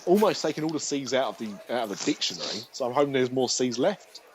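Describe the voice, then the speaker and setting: A man's voice: mid-range voice, animated, fast talker, slight background noise, rough recording. A man hosting a podcast in casual chat, rambling with restarts and jokes. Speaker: podcast host.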